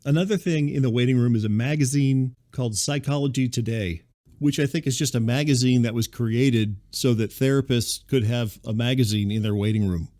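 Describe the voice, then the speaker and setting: Rambling deadpan man telling comic stories. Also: mid-range voice, brisk. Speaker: podcast host. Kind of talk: comedic monologue.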